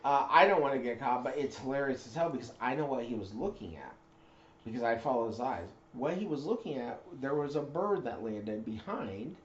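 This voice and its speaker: A man's voice: medium pitch, lively intonation, a little fast, a little hiss or hum. A man telling a casual story, rambling with lots of fillers and self-corrections. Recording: roomy dull recording.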